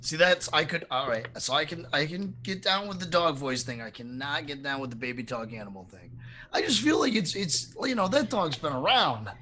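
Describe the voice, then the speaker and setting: A man who is a streamer, guesting on a casual live podcast, joking and lively, who mocks baby talk in high silly voices. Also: fairly quick, low-quality recording.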